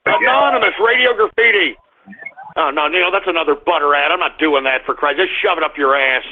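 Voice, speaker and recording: A man's voice: fairly high pitch, fairly quick. A male radio call-in show host, ranting and cursing heavily. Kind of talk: profane call-in show banter. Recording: narrow phone-like sound, faint music.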